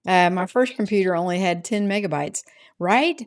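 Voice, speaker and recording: A woman's voice: fairly low pitch, normal speed. A middle-aged woman hosting a casual livestream from her home, chatting loosely and answering viewers' comments. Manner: rambling and chatty, often adds "right?". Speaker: livestream host reading chat.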